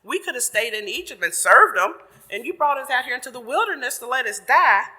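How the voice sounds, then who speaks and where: A man putting on the Israelites as a scared, complaining crowd, in a high voice with a sharp, bright edge. His voice echoes in a long church reverb. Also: lively intonation, takes it slowly, vocal fry, exaggerated voice. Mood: panicked.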